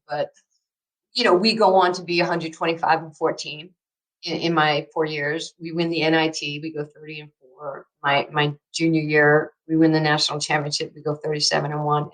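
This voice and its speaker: Lively New woman in her sixties. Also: deep voice, low-quality recording. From New York. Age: 60s. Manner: emphatic and excitable, laughing through her words. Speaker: guest. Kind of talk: animated storytelling in a podcast interview.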